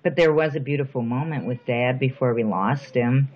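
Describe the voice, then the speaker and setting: A middle-aged woman speaking softly and reflectively in a personal interview, with thoughtful pauses. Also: extremely low pitch. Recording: dull lo-fi recording.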